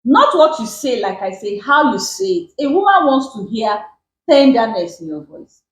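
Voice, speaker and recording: A Nigerian woman gives relationship advice in a high, lively voice that swoops up and down as she hammers each point home. She repeats herself for emphasis, and the room around her is echoey. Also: normal speed. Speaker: relationship guest. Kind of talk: advice talk show chat. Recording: roomy echo.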